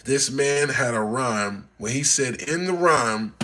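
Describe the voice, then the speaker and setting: A man from Texas telling stories casually to his livestream audience on a phone, dropping to low mutters and then rising into loud, excited bursts. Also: slow. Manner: animated, swings between mumbling low and loud excited bursts. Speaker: livestream host.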